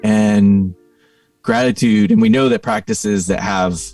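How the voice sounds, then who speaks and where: Low, gravelly-voiced man telling a story. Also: huge pitch swings, a little slow, darkish tone, no room sound, recorded from a distance, faint music behind. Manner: thoughtful, frequent fillers like "you know" and "like". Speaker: guest. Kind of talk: reflective conversational storytelling.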